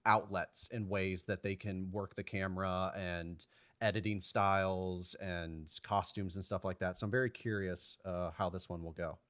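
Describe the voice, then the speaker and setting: Low-voiced man chatting on a podcast. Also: steady tone, normal speed, a bit bright, dry recording. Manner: rambling, hedging with fillers and restarts. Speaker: podcast co-host. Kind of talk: casual chat.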